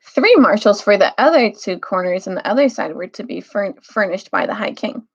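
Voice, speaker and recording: A woman's voice: mid-range voice, animated, moderate pace. A woman, a teacher, reading a storybook aloud and stopping to explain words to young listeners. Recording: dull lo-fi recording.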